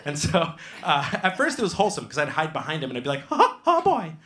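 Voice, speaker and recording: A man doing stand-up storytelling on a comedy club stage into a handheld mic, animated and acting out other people's voices. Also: a little high, fast, roomy sound, noisy background.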